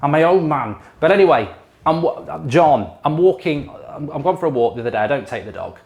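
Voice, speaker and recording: A man's voice: fairly high pitch, lively intonation, fairly quick, vocal fry, darkish tone. A middle-aged man cooking in his home kitchen on a handheld camera, telling a long story in an exasperated, mildly sweary way. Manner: exasperated, swears mildly, mocks others in impressions. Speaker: YouTube host cooking on camera. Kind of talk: casual ranting storytelling while cooking.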